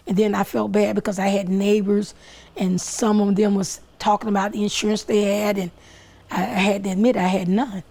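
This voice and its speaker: A woman with a gravelly, mellow voice speaks in an interview. Her talk is plain and emotional, with mentions of faith. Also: mid-range voice, flat delivery, a little fast.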